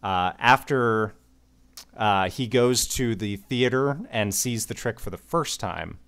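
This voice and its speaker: A man's voice: on the low side, slow, fairly bright tone, clean tone. A young man co-hosting a podcast, eagerly explaining plot points in casual conversation. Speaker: podcast co-host. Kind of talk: casual movie discussion.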